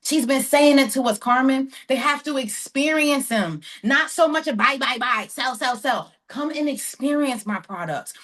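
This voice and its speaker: Excitable New Jersey woman, slightly higher voice, quick animated storyteller on a team call. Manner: fast, excitable, acts out dialogue with others. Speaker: sales team member sharing on a training call.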